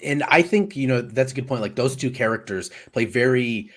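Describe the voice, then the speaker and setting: A man's voice: mid-range voice, lively intonation, normal speed. A man co-hosting a casual movie review chat, rambling and searching for words with lots of fillers. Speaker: podcast co-host.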